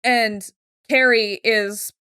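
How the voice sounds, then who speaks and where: A woman's voice: on the high side, fairly even intonation, extremely slow, pushed and bright, smooth, dry recording, clean studio sound. A young adult woman co-hosting a show recap, chatting casually and retelling scenes with quoted voices. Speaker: podcast co-host.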